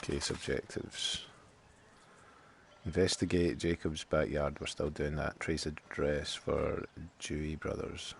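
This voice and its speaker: Chatty streamer with a very deep voice. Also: male voice, level tone, slow, vocal fry, slight background noise. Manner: chatty, joking, thinks aloud. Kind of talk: casual let's play commentary.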